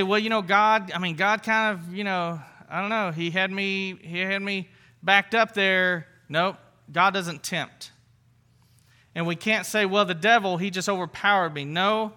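A male pastor with a high, bright voice delivers a casual, conversational sermon. He speaks earnestly, repeating and restarting phrases, and leans on light everyday examples.

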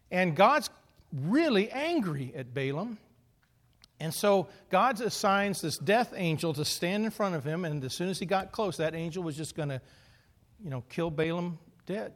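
A middle-aged male pastor preaching with a fairly high voice. He tells stories in an animated way and throws in funny asides. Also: moderate pace. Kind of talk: sermon.

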